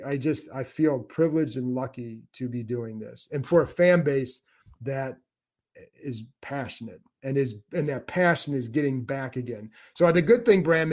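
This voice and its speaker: A man's voice: mid-range voice, a little mellow. A man in his fifties from Cleveland, hosting a casual podcast chat, rambling and emotional, with many restarts and self-deprecating jokes. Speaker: host, team beat reporter.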